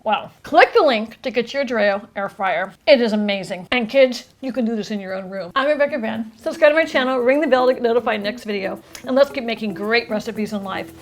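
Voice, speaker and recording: A woman's voice: fairly high pitch, a little fast, hardly any pauses. Upbeat woman hosting a cooking demo. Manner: upbeat, exclaims over the food; talks with her mouth full while tasting. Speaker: cooking show host. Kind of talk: cooking demonstration.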